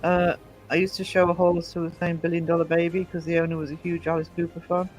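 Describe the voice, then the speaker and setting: Male stream host, high-pitched, chatty, self-deprecating, faint music under. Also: monotone, quick pace. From England. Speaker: livestream host. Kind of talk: casual chat reading viewer comments.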